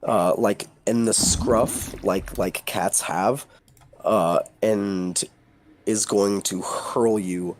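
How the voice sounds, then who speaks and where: Man, lowish voice, slow speech, game master, halting narration. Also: steady tone, a little hiss or hum.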